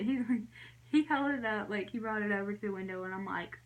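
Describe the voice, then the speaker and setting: A woman's voice: medium pitch, fast, rough recording. A young adult woman telling a storytime vlog in a chatty way, full of "like" fillers, her voice jumping up when she acts out her own reactions. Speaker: vlogger.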